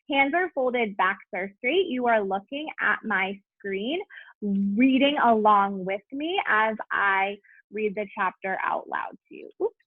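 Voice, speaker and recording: A woman's voice: on the high side, dry recording. Woman teacher on a tinny video call. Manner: warm encouraging classroom prompts. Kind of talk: reading aloud to a remote class.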